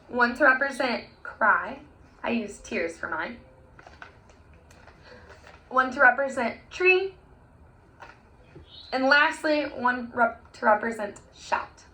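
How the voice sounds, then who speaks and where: A woman's voice: on the high side, lively intonation, takes it slowly, pauses often, bright, forceful tone. A young woman teaching a recorded music lesson to children, chanting rhymes in an encouraging, sing-song voice. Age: young adult. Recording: echoey room with faint hiss.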